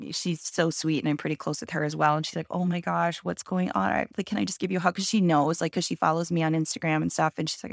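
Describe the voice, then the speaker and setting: A woman's voice: lowish voice, creaky, no room sound, studio quality. A woman guest speaking openly and emotionally in an interview, telling her story with lots of quoted dialogue. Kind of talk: candid interview conversation.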